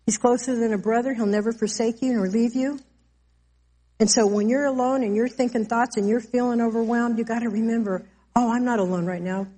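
A woman preaching a sermon, earnest and slow, giving weight to each declaration of scripture. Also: a little high, steady tone, mellow.

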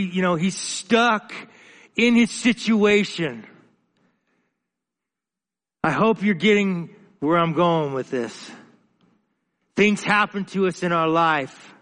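A man preaching a sermon as pastor, passionate and halting, often restarting his sentences. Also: high voice, a bit bright, long reverb tail.

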